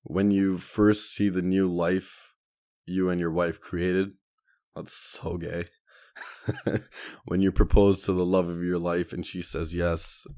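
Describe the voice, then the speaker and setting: A man's voice: low voice, little pitch movement, unhurried, warm tone, smooth. A young man hosting a solo podcast, telling stories in a slangy, profane way and calling listeners dude and man. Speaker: podcast host. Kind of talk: casual solo podcast monologue.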